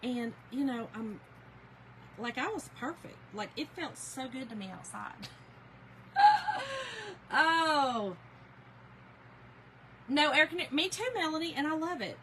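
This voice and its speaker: A woman from Georgia with a Southern US accent, chatting casually with viewers as a crafting livestream host, folksy and quick to laugh. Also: high-pitched, animated, background noise.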